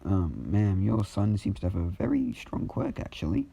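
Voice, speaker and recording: A man's voice: lowish voice, lively intonation, moderate pace, vocal fry, warm tone, husky, full character voice. A man voicing a polite doctor explaining results, with hesitant fillers. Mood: pleased.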